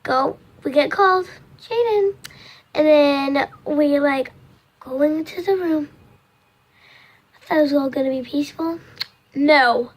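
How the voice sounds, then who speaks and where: A woman's voice: high-pitched, unhurried, long pauses. A teenage girl telling a storytime vlog casually, rambling with lots of fillers and acting out her own cries. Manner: rambling, lots of "like" and "next thing you know"; acts out her own cries and quoted lines. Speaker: vlogger.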